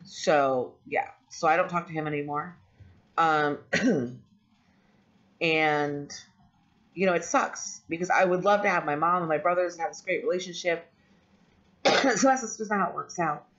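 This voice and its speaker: A woman's voice: low-pitched, unhurried, pauses often, fairly bright tone. A woman vlogger telling a personal story in a candid, rambling way, with frequent ums and restarts. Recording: dull lo-fi audio.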